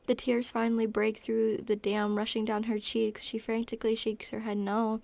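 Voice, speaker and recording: A woman's voice: fairly high pitch, moderate pace, creaky, few pauses, no echo. A woman narrating a fan fiction story aloud, often correcting herself mid-sentence. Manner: even storytelling with frequent self-corrections.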